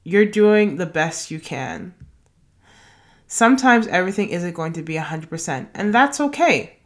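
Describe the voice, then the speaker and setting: Podcast host: young woman with a low voice who reads numbered self-help tips and slips into chatty asides. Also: animated, moderate pace. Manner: reads numbered tips, then drifts into loose casual asides. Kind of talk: reading a self-help blog post aloud.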